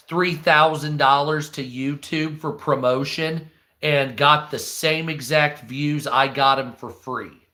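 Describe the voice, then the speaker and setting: A man's voice: a little high, pushed and bright. A man from the United States giving heated, profane, rambling commentary on a live news stream.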